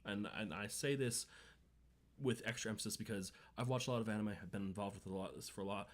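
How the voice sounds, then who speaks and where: A man's voice: lowish voice, fairly even intonation, quick pace. A man co-hosting a casual podcast chat, rambling and ranting with lots of swearing. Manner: rambling, profane, emphatic rants. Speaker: podcast co-host.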